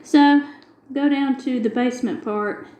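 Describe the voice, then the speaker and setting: A woman's voice: high-pitched, unhurried, dark tone, echoey room, lo-fi sound. A middle-aged woman, chatting casually and retelling a long everyday story with quoted dialogue. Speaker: craft video host. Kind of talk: casual chat while diamond painting.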